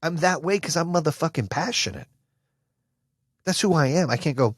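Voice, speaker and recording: A man hosting a podcast, giving an intense, profane motivational monologue with shouting bursts. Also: a little high, animated, moderate pace, pauses often, slightly rough, no echo, clean studio sound. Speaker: podcast host.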